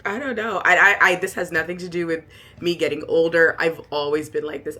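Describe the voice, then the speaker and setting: A middle-aged woman talks casually to her viewers in a lowish voice with a bright, forceful edge. She is animated and emphatic, laughing often and bursting into loud exclamations. Her tone moves from offhand asides to full-voiced outbursts. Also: brisk. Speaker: lifestyle vlogger. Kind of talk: casual chat to camera.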